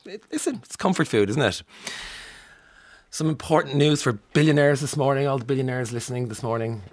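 Husky wry morning radio man. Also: mid-range voice, brisk. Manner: chatty, wry, laughs through stories. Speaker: radio host. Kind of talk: morning radio news chat.

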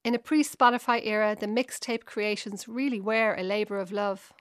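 A woman's voice: mid-range voice, steady tone, normal speed, smooth, dry recording, studio quality. A woman reading her own personal essay aloud, in a reflective, fond manner.

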